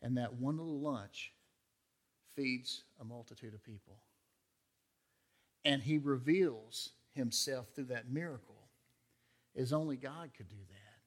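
A man's voice: medium pitch, measured pace, pauses often. A male pastor preaching a sermon in a conversational way, acting out the quotes in character voices.

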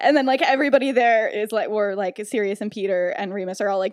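A woman's voice: fairly high pitch, fairly even intonation, fairly quick, a little mellow, dry recording, clean studio sound. A woman casually retelling a story on a podcast, giggling often and quoting characters with lots of "like".

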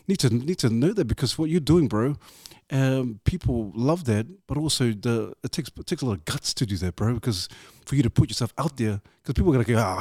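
A man's voice: mid-range voice, a little mellow, no room sound, studio quality. A man hosting a podcast. He asks questions with enthusiasm and praises his guest, restarting his phrases as he goes. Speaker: podcast host. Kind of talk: interviewing, casual chat.

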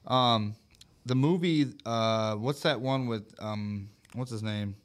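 A man co-hosting a live podcast in a loose, joking way, swearing freely and reading out viewer comments as they come in. His voice sits at an ordinary middle pitch for a man. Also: takes it slowly. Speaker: podcast co-host. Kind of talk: casual live podcast chat.

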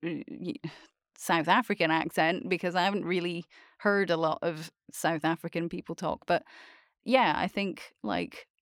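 A woman's voice: lowish voice, steady tone, moderate pace, no room sound, studio quality. A woman with a Scottish accent chatting casually, teasing and laughing often. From Scotland. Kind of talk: casual chat.

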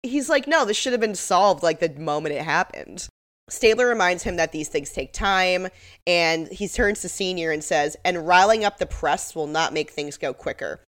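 A woman's voice: fairly low pitch, lively intonation, moderate pace, fairly bright tone. A woman co-hosting a podcast in casual chat, sarcastic and laughing often. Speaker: podcast co-host.

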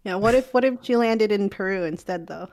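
A woman's voice: medium pitch, fairly quick, a little mellow. A young woman co-hosting a podcast, talking casually and often hedging what she says. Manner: chatty, unsure, hedging. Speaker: podcast co-host.

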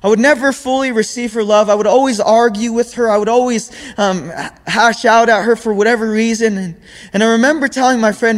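A man's voice: extremely high pitch, fairly even intonation, fairly quick. A young man giving a sermon in an earnest way, often repeating words as he searches for the next phrase. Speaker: preacher. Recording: long hall reverb.

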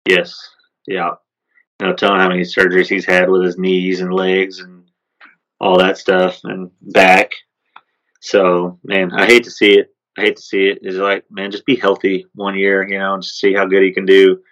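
A man co-hosting a podcast, talking sports in a relaxed, rambling way with lots of fillers. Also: sits low, normal speed, dull audio. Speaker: podcast co-host. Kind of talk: casual sports chat.

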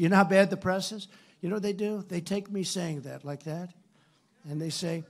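An older man with a gravelly voice delivers a campaign rally speech into a stage microphone. He rambles and repeats himself, turns sarcastic, and swings from loud, punchy lines to low asides. His voice sits a bit high for a man. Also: fairly even intonation, moderate pace. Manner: rambling and repetitive, swinging between loud and soft. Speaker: political candidate. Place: rally stage before a crowd.

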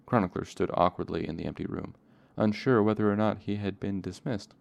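A man reading a novel aloud in a plain, steady narration. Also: on the low side, a little fast, gravelly, no room sound, dull audio. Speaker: audiobook reader.

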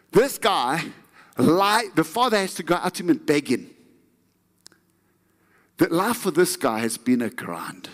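A man preaching a sermon with emphasis, throwing questions at his listeners. His voice sits a bit high for a man. Long reverb from the hall hangs behind him. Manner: emphatic, addresses the crowd with frequent questions.

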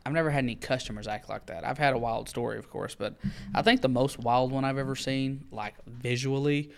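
A man's voice: medium pitch, brisk, gravelly. Laid-back man chatting on a podcast. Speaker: podcast co-host. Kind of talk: casual chat. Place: small home studio.

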